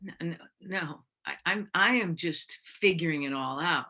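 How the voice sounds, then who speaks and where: A woman's voice: lowish voice, a little slow, sharp tone. A woman improvising an evasive, overthinking computer scientist who rambles and trails off, on a live stage. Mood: defensive. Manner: rambling, trails off, many fillers. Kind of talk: live improvised romantic comedy scene. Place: theatre stage.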